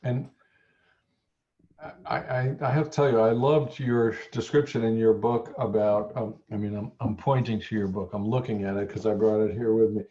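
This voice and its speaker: A man being interviewed as a nutrition scientist, talking in a thoughtful, halting way with a lozenge in his mouth. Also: fairly low pitch, little pitch movement, warm tone, dull audio. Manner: thoughtful, stammers on restarts. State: talking around a throat lozenge. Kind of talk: conversational interview.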